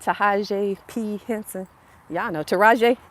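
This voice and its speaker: A woman's voice: medium pitch, fairly even intonation, measured pace, a bit bright. A woman in her fifties with a Southern US accent, hosting a casual motivational livestream outdoors on a phone and talking straight to her viewers, repeating herself as she goes. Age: 50s. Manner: chatty, repeats herself, addresses viewers directly. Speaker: channel host. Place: outdoors on a narrow sidewalk by a road. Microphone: phone propped up. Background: faint passing traffic.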